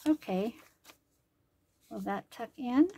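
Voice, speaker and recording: In her home craft room, a woman vlogger makes things and talks to herself as she works, chatty and thinking aloud, sometimes dropping to a whisper. Her voice is fairly high, slow and husky with lively intonation and a dark tone, and the audio is dull.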